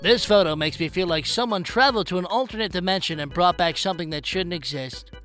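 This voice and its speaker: A man reading funny posts aloud in a jokey, animated way, swinging from deadpan to loud. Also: high voice, quick pace, faint music behind. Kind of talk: comedic reading.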